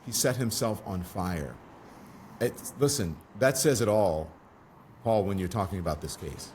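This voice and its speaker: A man hosting an interview show, talking in an animated way with wry asides. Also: lowish voice, a little slow, slight background noise. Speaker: talk show host. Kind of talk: casual interview talk.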